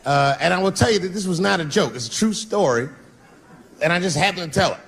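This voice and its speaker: Animated, profane stand-up comedian man. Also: sits high, quick pace, creaky.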